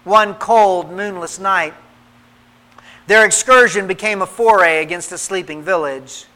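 A man narrating a story in a measured, dramatic way, with pauses. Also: high-pitched, bright, forceful tone, poor audio.

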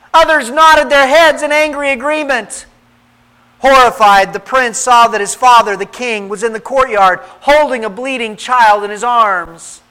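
A man narrating a story in a measured, dramatic way, with pauses. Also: high voice, pushed and bright, clear, resonant tone, poor audio.

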